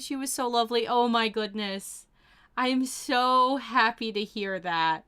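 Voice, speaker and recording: Her voice is fairly high, smooth yet sharp in tone, and unhurried. As a streamer going through her chat, this young woman chats casually and effusively, her speech full of "like" and "oh my gosh."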